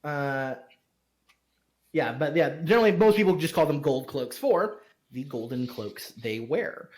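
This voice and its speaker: A man narrating a tabletop game as game master, halting and stopping often to search for words. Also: a little high, lively intonation, a little mellow. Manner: halting, full of fillers.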